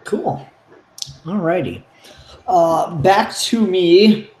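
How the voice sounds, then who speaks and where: A man co-hosting a casual comics chat, excitable and profane, acting out scenes as he talks. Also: high-pitched, very slow. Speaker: podcast co-host. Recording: roomy echo.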